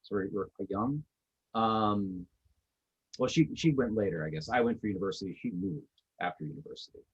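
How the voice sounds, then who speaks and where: A man's voice: lowish voice, sing-song, brisk, gravelly, breathy edge, lo-fi sound. A man from Wisconsin chatting easily on a podcast, his sentences trailing off. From Northeastern Wisconsin. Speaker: podcast co-host. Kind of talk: casual chat.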